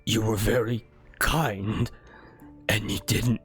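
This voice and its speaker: A man voicing a feeble, dying old gang boss who speaks in a slow, halting, breathy half-whisper. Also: fairly low pitch, steady tone, soft background music, full character voice. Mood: weak.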